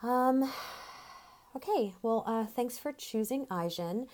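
A woman performing a theatrical monologue, telling a story in a conversational, animated way with casual swearing. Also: fairly high pitch, takes it slowly.

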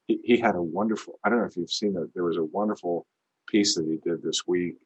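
A man's voice: low voice, fast talker, slightly rough, muffled recording. A man co-hosting a podcast, telling a story in an earnest, reflective way. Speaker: podcast co-host. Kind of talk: casual conversation.

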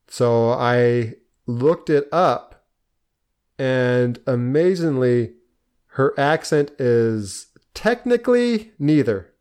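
A man's voice: medium pitch, lively intonation, extremely slow, darkish tone, clean tone. Upbeat man sharing movie facts. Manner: enthusiastic, laughs often. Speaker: podcast co-host. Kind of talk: casual movie chat.

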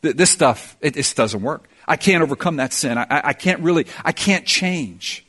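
A man's voice: a little high, animated, moderate pace, a bit bright. A man voicing a discouraged male believer who admits in a hesitant, stammering way that he wants to quit. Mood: defeated.

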